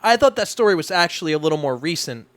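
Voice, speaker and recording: A man's voice: a little high, lively intonation, fast talker, a bit bright, no echo. A man in casual podcast chat, teasing his friend and cutting in with questions. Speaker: podcast co-host.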